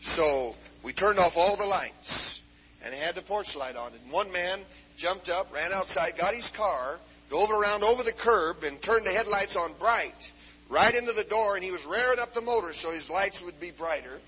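A man preaching a fervent Pentecostal sermon, punctuating with hallelujahs and "uh" fillers and climbing into shouts, on a dull lo-fi 1970s tape. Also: high voice, lively intonation, normal speed, breathy edge.

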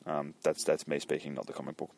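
Young guy swearing his way through a comic recap, real low voice, dry close sound. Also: flat delivery, quick pace, vocal fry, darkish tone, no room sound. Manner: profane, loose and rambling. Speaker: comic book reviewer. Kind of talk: casual comic retelling.

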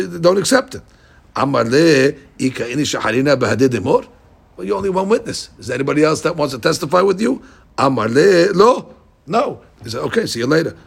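Gravelly, husky man teaching Talmud. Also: a little high. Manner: reads Aramaic slowly, explains in animated English. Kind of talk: Talmud class, reading and explaining.

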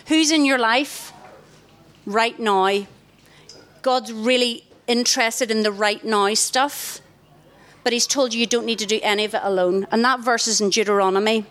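A middle-aged woman, giving a lively, direct sermon to a tent of girls. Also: a little high. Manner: lively, direct, warmly emphatic. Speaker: youth speaker. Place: large tent.

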